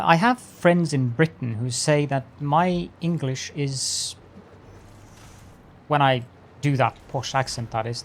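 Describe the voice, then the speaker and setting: A man streaming a factory-building game, chatting with viewers and talking himself through each step in a mock-formal, playful way. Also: fairly high pitch. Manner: greets chat with mock-formal politeness. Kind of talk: live-stream gameplay commentary.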